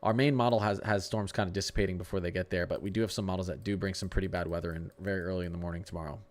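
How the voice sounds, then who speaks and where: Guy with a lowish voice doing live weather coverage, chatty, tripping over town names as he goes. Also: steady tone, very fast, a little mellow. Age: adult with a young son. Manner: chatty, restarts often and stumbles over place names. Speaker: livestream weather host. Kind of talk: casual live-stream weather commentary, answering chat.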